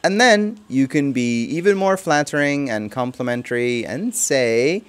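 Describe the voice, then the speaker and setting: A man gives a casual language lesson. He explains each phrase slowly, repeats it, and chuckles now and then. His voice sits at an ordinary middle pitch. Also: expressive, clean tone. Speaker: language teacher.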